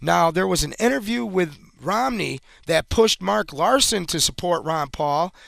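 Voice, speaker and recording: A male talk show host giving casual political commentary, relaxed and conversational, with hesitant fillers. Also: sits high, a little slow, vocal fry, no echo.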